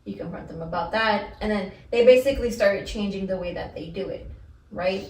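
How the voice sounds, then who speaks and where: A woman's voice: mid-range voice, fairly quick. A woman co-hosting a podcast in casual chat, a supportive listener who gives frequent short agreements. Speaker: podcast co-host. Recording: roomy and distant with faint background noise.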